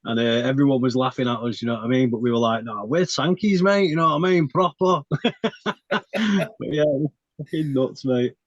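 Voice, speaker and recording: Speaking fairly quickly in a steady, mid-range voice, this male guest shares an army story during casual chat. He laughs often, curses, and keeps checking "you know what I mean." The audio is dull and dry with no echo.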